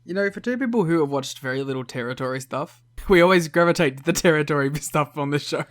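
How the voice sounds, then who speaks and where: A man's voice: on the high side, fast. A man co-hosting a wrestling podcast, joking wryly and swearing casually. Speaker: podcast co-host. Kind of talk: casual chat.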